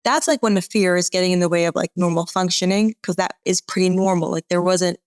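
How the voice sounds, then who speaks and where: A woman from Atlanta, a parenting expert talking as a guest in a casual podcast interview, chatty and expressive with lots of "like". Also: fairly low pitch, a little fast, smooth, no echo, studio quality. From Atlanta, USA. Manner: chatty and expressive, heavy use of "like".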